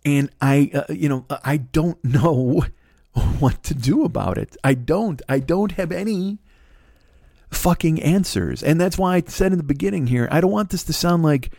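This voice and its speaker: Podcast host, man in his forties, gravelly and a bit high-pitched, sweary rambling rants. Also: lively intonation, normal speed, warm tone, no room sound, studio quality. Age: 40s. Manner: profane, rambling, exasperated rant. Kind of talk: comedic monologue.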